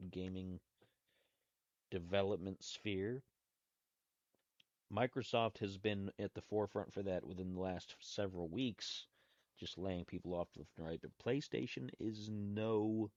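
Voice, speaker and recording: A man's voice: fairly low pitch, a little mellow, no echo. A man hosting his own podcast, talking casually and rambling loosely. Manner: loose and rambling, with restarts and asides. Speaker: podcast host. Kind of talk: casual solo podcast talk. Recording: dry, dull lo-fi sound.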